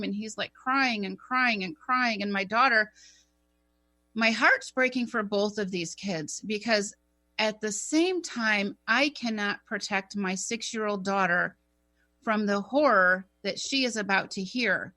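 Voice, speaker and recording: Calling in to talk radio, a woman shares a personal story full of emotion, often starting her sentences over. She sounds earnest and animated, with a medium-pitched voice and a measured pace.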